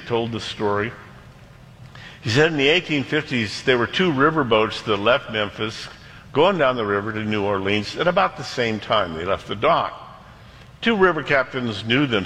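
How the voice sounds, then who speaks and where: A man preaching a sermon, telling a story with lively voices for the characters. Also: lowish voice, big-room sound, low-quality recording. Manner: animated, voicing characters in anecdotes. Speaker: pastor.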